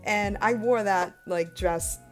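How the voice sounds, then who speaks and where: A woman radio host telling stories in casual chat, animated and laughing often. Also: mid-range voice, takes it slowly, soft background music.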